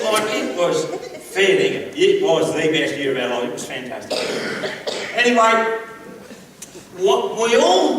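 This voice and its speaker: An Australian man giving a humorous storytelling speech, animated and acting out quoted voices. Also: high voice. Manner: animated yarn-spinning, acts out quoted voices, laughs along. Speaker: public speaker. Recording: roomy hall, distant mic, background noise.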